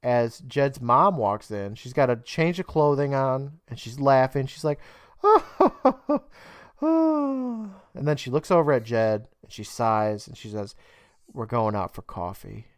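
With a mid-range voice, a measured pace, and big swings in pitch, this US podcast co-host talks casually through a TV episode. He often laughs and plays out the characters' dialogue. The studio-quality audio carries no room sound.

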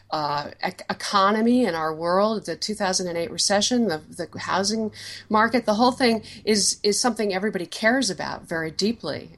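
Low-voiced woman gushing on a podcast. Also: fairly bright tone. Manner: emphatic, halting, full of fillers and restarts. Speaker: podcast panelist. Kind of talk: casual podcast chat about films.

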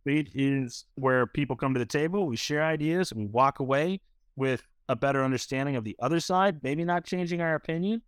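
A man in his thirties from New Hampshire spins a loose, rambling story, leaning on "like" again and again. His voice is smooth and resonant, and it sits mid-range. The room around him is dry and close. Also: medium pitch, brisk, no echo. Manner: rambling, filler-heavy with frequent "like". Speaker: restaurant owner guest. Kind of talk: casual storytelling.

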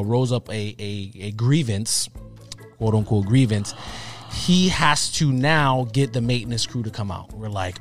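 A man in his thirties, co-hosting a podcast, telling a story in a casual, animated way and acting out what people said. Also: mid-range voice. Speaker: podcast co-host.

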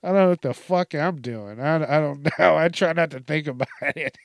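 A man's voice: on the high side, normal speed, creaky, dry recording. A man hosting a podcast, talking casually in a profane, self-deprecating way, laughing often and restarting his sentences. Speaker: podcast host. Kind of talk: casual monologue.

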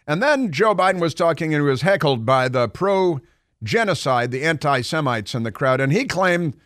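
A man's voice: on the high side, lively intonation, moderate pace, a bit bright, no echo. Sarcastic male talk radio host, dry sound. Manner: sarcastic, mocking, restarts mid-sentence.

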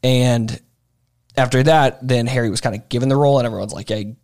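A man's voice: medium pitch, quick pace, a little mellow. A man co-hosting a podcast in casual chat, rambling with many fillers and restarts. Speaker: podcast co-host.

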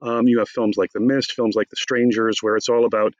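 A man's voice: fairly low pitch, fairly quick, no echo. Male academic guest, wry and talkative, close dry mic, a bit dull and lo-fi. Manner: chatty, wry, animated storyteller. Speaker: theater professor and author. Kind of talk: conversational interview.

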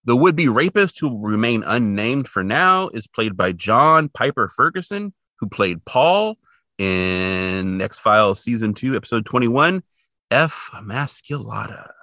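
A man co-hosting a podcast, chatting casually and rambling through animated asides. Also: mid-range voice, measured pace, no echo, studio quality. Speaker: podcast co-host. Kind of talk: casual chat.

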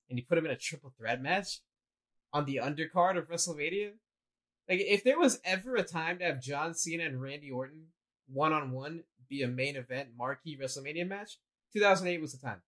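A young adult man co-hosting a casual chat, an animated storyteller who acts out what people said. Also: fairly high pitch, brisk. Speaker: co-host.

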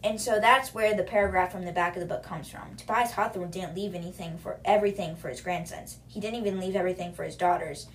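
A woman's voice: lowish voice, steady tone, quick pace, few pauses, a little hiss or hum. A young woman hosting a casual book podcast, recapping chapters in a chatty, slangy way with lots of fillers. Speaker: podcast host. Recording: voice a bit distant from the mic.

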